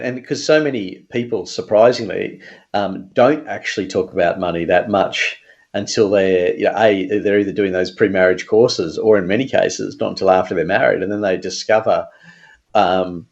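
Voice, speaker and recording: A man with a low, gravelly voice speaks as a radio guest, explaining money matters earnestly. He uses fillers and restarts as he talks. His line sounds dull and muffled. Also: moderate pace, darkish tone. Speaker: financial advisor guest. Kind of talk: radio interview.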